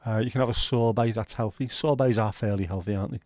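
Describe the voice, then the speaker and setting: A man's voice: on the low side, steady tone, quick pace, a little mellow, no room sound. A man hosting a livestream, chatting casually with his viewers in banter full of swearing. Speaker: livestream host. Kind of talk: casual chat with live viewers.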